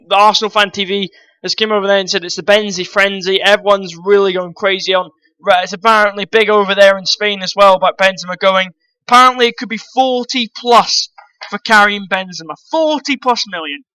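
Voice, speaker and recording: A man's voice: sits high, steady tone, a little fast, sharp tone, no echo, rough recording. A man ranting bluntly about football transfer news to his viewers, swearing freely and calling them guys. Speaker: football vlogger. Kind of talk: opinionated transfer-news rant.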